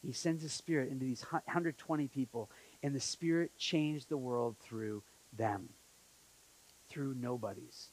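A man preaching a conversational sermon as pastor, acting out quotes in an animated way. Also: medium pitch, unhurried, low-quality recording. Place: church in Montreal.

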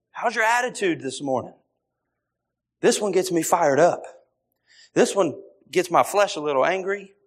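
A man preaching a sermon, repeating phrases and briefly acting out the voices of others. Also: a little high.

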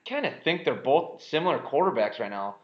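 A man's voice: mid-range voice, very animated, a little fast. A man co-hosting a casual podcast, talking bluntly about sports and news and swearing often. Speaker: podcast co-host. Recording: roomy, slightly dull lo-fi audio.

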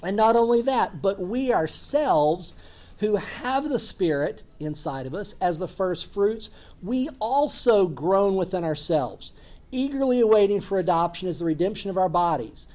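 A man's voice: high-pitched, lively intonation, measured pace, a little mellow. A man preaching a sermon as a pastor, earnest and emphatic, building his points through repeated phrases.

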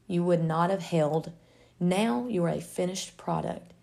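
A woman reading the lines of a patient male potter who calmly explains himself. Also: lowish voice, a little slow, creaky. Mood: reassuring. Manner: steady, explaining gently.

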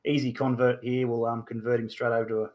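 A man's voice: mid-range voice, level tone, fast, darkish tone. Rambling Australian man hosting a podcast. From Newcastle, Australia. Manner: rambling, frequent fillers and mild swearing. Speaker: podcast host. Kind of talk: casual sports podcast chat.

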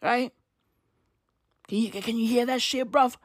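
A woman's voice: on the high side, slow pace, long pauses, no room sound, studio quality. A woman ranting through news commentary, profane and slangy, firing off rhetorical questions.

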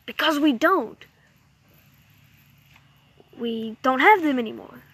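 A woman spins a silly adventure yarn in a high, bright voice. She jokes at her own expense and makes her own mouth sound effects. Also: animated, a little slow, long pauses. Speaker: storyteller. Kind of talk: playful comic storytelling.

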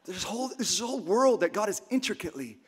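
Really high-pitched guy preaching at church, chatty, keeps getting fired up and yelling. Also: animated, fast talker, breathy edge. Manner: impassioned, conversational, bursts into shouting. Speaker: pastor. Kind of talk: sermon. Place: church service.

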